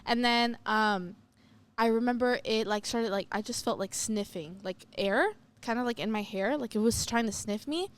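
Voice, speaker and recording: Young woman co-host, relaxed storyteller who acts out lines; slightly high voice. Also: normal speed. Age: young adult. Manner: animated, acts out what she said and heard, many "like" fillers. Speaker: youth podcast co-host. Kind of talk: casual storytelling chat.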